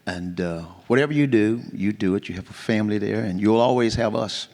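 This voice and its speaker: A man, a church member giving an earnest, halting tribute with many pauses. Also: fairly low pitch, darkish tone. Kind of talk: informal tribute speech. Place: church hall. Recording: long hall reverb.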